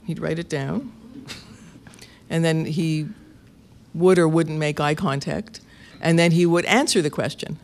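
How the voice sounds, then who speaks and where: A man, a radio interviewer, telling a story in conversation with lively, laughing delivery and restarted phrases. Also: fairly high pitch, a little slow, creaky. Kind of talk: conversational anecdote.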